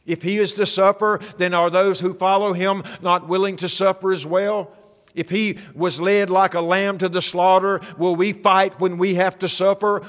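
A pastor with a fairly high-pitched voice preaches a sermon, addressing the congregation conversationally and posing rhetorical questions. A long reverb surrounds his voice, as if in a large hall.

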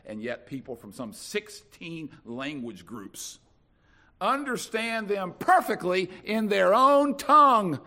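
A pastor from North Carolina, preaching a sermon with dramatic swings from soft to loud. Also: male voice, mid-range voice.

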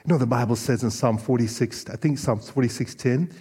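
A man preaching a sermon in a husky, slightly breathy voice. He talks in an animated, storytelling way, stumbling and restarting as he goes. His voice rings out with a long reverb, as in a large hall. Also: mid-range voice, brisk. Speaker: pastor.

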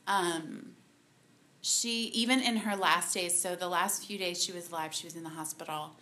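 A woman giving a personal faith testimony to a group, halting and softly emotional, with many pauses and fillers. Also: on the low side, fairly even intonation. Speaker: speaker at a women's ministry talk.

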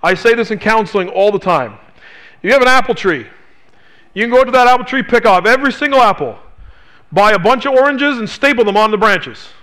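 A man delivers a sermon in a bright, ringing voice that sits high for a man. He preaches emphatically and fires rhetorical questions at his listeners. On key phrases he sinks into a hushed low voice. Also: expressive, a little fast. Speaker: pastor.

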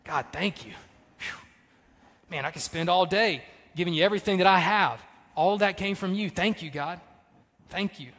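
A man's voice: high-pitched, moderate pace, pauses often, a bit bright. Boastful biblical king, voiced by a man preaching, swaggering; hall reverb. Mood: grateful.

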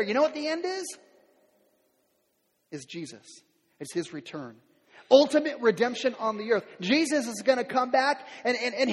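A middle-aged male pastor preaching in a church, his voice high for a man. He talks in a loose, conversational way, restarting and repeating words, then rises to loud, emphatic peaks. The sound carries a long reverb from the large room. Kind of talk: sermon. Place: church sanctuary.

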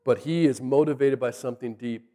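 A man's voice: medium pitch, a little fast, long reverb tail. A man preaching a sermon, retelling the story casually and animatedly, acting out the characters' lines. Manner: animated, acts out the characters' lines in lively voices.

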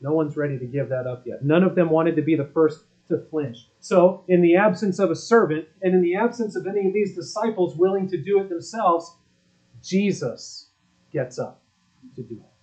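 A man's voice: a little high, moderate pace, a little mellow. A man preaching a sermon as pastor, speaking emphatically and asking his listeners rhetorical questions. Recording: dull lo-fi recording.

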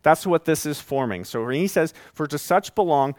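A man preaching a sermon as pastor, conversational and animated, with folksy asides. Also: on the high side, normal speed, no echo, clean studio sound.

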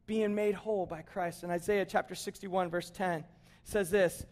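A man's voice: high-pitched, normal speed. A man preaching a sermon, acting out the characters he quotes and joking with the congregation. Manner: animated, acts out quoted characters, jokes with the congregation. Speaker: pastor.

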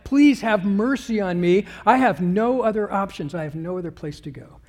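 A man's voice: on the high side, steady tone, fast, mellow, slightly rough. A man voicing a desperate blind beggar, pleading in a raised voice.

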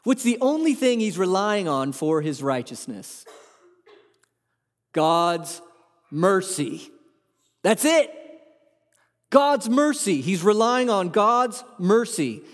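Pastor, male, high voice, earnest emphatic sermon delivery, rhetorical questions, long hall reverb. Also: sing-song, takes it slowly, long pauses.

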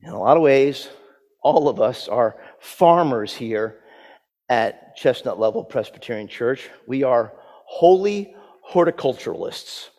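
A man preaching a sermon as pastor, reading scripture, praying and telling stories with dramatic swings in loudness and pitch. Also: expressive, unhurried. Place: church sanctuary. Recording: long hall reverb.

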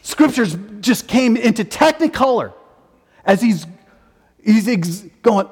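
Man in his forties, pastor's sermon, emphatic, repeats himself, fairly high voice, long hall reverb. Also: big pitch swings, takes it slowly, a little mellow, breathy edge. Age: 40s. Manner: emphatic, repeats key phrases.

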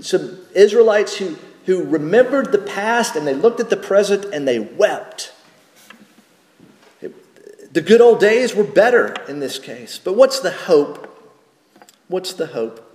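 A man, a pastor, preaching a sermon slowly and deliberately, with rhetorical questions and small restarts. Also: fairly high pitch, a little mellow. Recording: echoey church hall with long reverb.

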